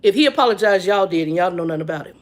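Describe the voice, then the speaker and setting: A woman's voice: on the low side, very fast. Chatty woman in her fifties. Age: 50s. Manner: animated, chatty storytelling with lots of reported speech. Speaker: vlogger. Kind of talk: casual storytelling vlog.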